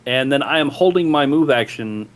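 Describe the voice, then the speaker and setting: Man, tabletop player, deliberate, rules-minded, mid-pitched voice. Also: expressive. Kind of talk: tabletop game play on a stream.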